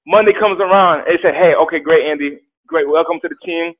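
Animated young man on a tinny line. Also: a little high, brisk, hardly any pauses. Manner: animated, acts out quotes, repeats words. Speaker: guest telling his story. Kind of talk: casual storytelling on a podcast. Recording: tinny phone-like sound.

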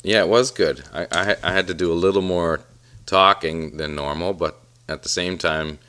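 A man's voice: deep voice, fairly even intonation, sharp tone. A man co-hosting a podcast, chatting casually, agreeing often and stumbling over restarts. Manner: agreeable, quick backchannels, stammering restarts. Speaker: podcast co-host. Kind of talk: casual chat.

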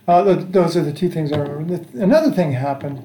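With a slightly high, mellow voice and lively intonation, this American father in his sixties talks fast as he recalls his travels for the family. His storytelling rambles, full of fillers and false starts. There's slight background noise, and the room echoes.

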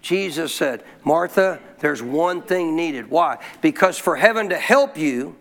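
A man's voice: a little high, expressive, unhurried, creaky, a bit bright. A man preaching a sermon as pastor, quoting scripture and calling for responses from the congregation.

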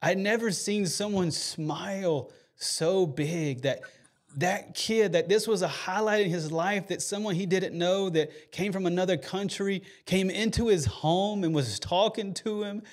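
A man's voice: high voice, a little slow. A man hosting a faith podcast, telling a story earnestly and emotionally, with many fillers and restarts. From United States. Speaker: podcast host.

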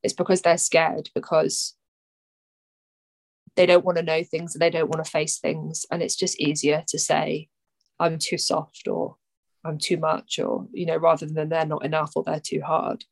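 A young woman, a poet talking candidly as a podcast guest, animated, swearing freely and often pausing on fillers. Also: deep voice, vocal fry, no room sound, rough recording. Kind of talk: candid conversational chat.

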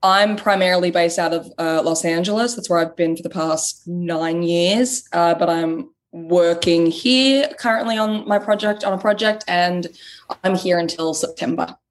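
A woman's voice: fairly low pitch, moderate pace. Giggly Australian woman chatting. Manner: giggly, chatty, laughs between phrases. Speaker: actress, interview guest. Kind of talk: casual interview chat.

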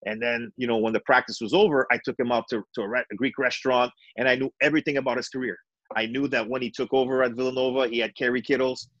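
Middle-aged guy, retired coach spinning lively stories, acts out the voices, dry close mic. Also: medium pitch, quick pace, dry recording, dull audio. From Montreal, Canada. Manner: animated, acts out dialogue in his stories. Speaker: retired basketball coach, guest. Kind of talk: storytelling in a podcast interview.

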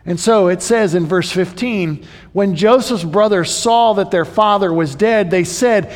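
A man preaching a sermon in an animated way, acting out the people in the story as he paraphrases them. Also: sits high, unhurried, big-room sound. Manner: animated, voices the brothers and Joseph in paraphrase.

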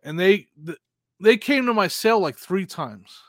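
A middle-aged man co-hosting a podcast, telling rambling anecdotes with quick laughs and acting out the voices of people in his stories. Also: sits high, lively intonation, no echo, studio quality. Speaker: podcast co-host. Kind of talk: casual chat, storytelling.

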